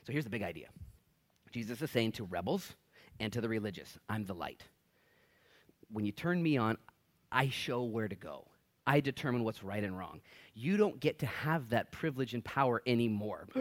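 A man preaching in a church, his pitch rising and falling widely as he talks. He preaches casually and acts out the voices of listeners, then drops back into a plain speaking tone. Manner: animated preaching, acting out voices of listeners and Jesus. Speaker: pastor. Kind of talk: sermon.

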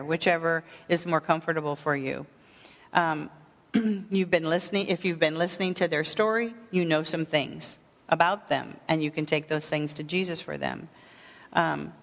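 A woman teaching a sermon on prayer ministry, speaking earnestly and gently with frequent fillers. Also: on the low side, big-room sound.

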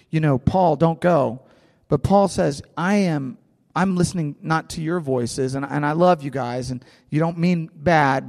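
Animated man preaching in a reverberant hall. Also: fairly high pitch. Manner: animated, repeats words, acts out scripture with a volunteer. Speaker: pastor. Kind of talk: sermon.

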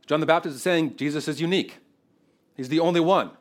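Animated conversational male preacher. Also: on the high side, fast talker. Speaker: pastor. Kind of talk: expository sermon.

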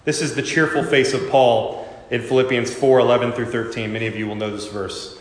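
A man preaching a sermon as pastor, expressive and dramatic, acting out the voices he quotes. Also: medium pitch, brisk. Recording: echoey church hall.

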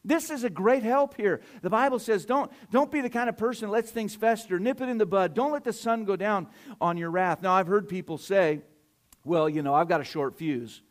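A middle-aged man, a pastor preaching a sermon, swinging between loud emphatic surges and quiet asides. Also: sits high, brisk.

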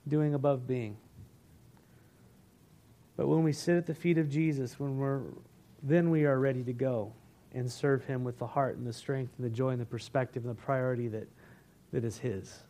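A man preaching a sermon as pastor, earnest and building, then easing into a soft, reflective prayer. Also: medium pitch. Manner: earnest preaching, rising and falling in intensity.

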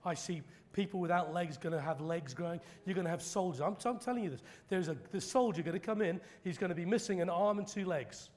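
A man preaching a sermon, telling stories dramatically and acting out quoted preachers in loud high bursts. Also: fast, few pauses. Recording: long hall reverb.

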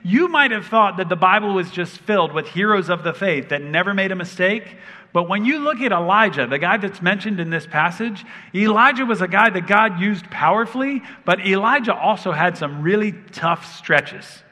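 A man's voice: high voice, expressive, moderate pace, pushed and bright. A man in his thirties preaching a sermon as a pastor, telling stories with humor and animation. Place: large church hall. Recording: long reverb of a big hall.

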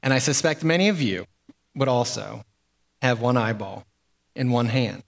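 A man's voice: medium pitch, moderate pace, gravelly, big-room sound. A man delivering a sermon as pastor, in a conversational way with fillers and repeated words.

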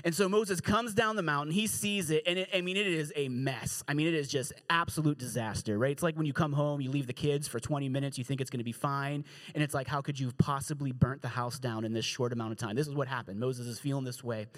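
A man preaching a casual, storytelling sermon, animated and joking, slipping into quick voices for the people in the story. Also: mid-range voice. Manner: slangy, joking asides. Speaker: pastor.

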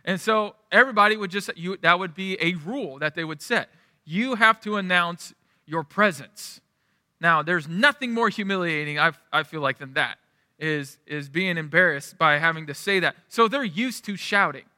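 Bright high-voiced preacher in a reverberant hall. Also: male voice, moderate pace, clean studio sound. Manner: conversational, asks the room "right?". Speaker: pastor. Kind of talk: sermon.

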